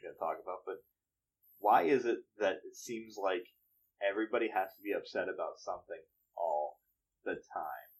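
A man's voice: low voice, moderate pace, low-quality recording. A man from northeastern Pennsylvania in casual chat, musing and trailing off with fillers.

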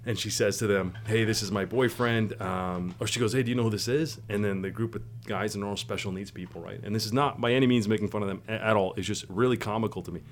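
A man co-hosting a podcast, chatting casually and telling animated stories that crack him up. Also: on the low side, quick pace, few pauses, a little hiss or hum. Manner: excited storyteller, laughs hard at his own stories. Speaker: podcast co-host. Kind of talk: casual chat.

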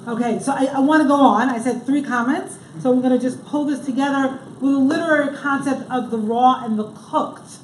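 A woman teaches a group study class, her voice a touch high and drawing out key words for emphasis. The room is echoey, with a faint hiss of background noise behind her. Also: fairly quick, hardly any pauses. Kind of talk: leading a text study class.

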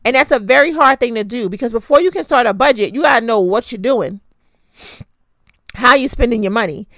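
A woman's voice: medium pitch, no room sound. A woman hosting a podcast, giving frank, conversational money advice with mild swearing and self-deprecating asides. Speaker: podcast host. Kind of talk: casual personal finance talk.

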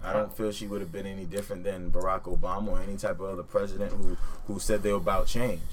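A man in casual political chat with a co-host, joking loudly and swearing in slangy bursts. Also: sits low, flat delivery, quick pace, slight background noise.

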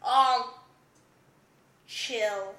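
A woman's voice: on the high side, very slow, pushed and bright, roomy sound. A young woman guest in a casual, giggly chat, joking in playful slang.

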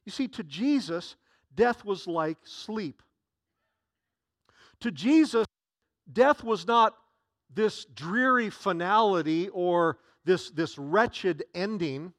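A man's voice: sits high, animated, slow, pauses often, fairly bright tone, no room sound, studio quality. A man preaching a sermon as pastor, earnest and given to repeating himself as he builds a point.

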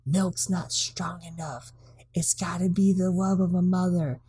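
A woman voicing a wise old woman who whispers urgently, in a breathy, hushed voice, retelling a movie scene in casual chat. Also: lowish voice, fairly even intonation, measured pace, voice pushed up.

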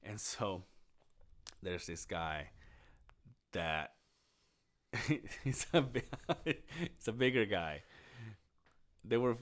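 A young man in casual podcast chat, telling a crude story with lots of swearing, laughing as he talks and shouting out the lines he quotes. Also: fairly low pitch, animated, drawn-out words, pauses often. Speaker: podcast co-host.

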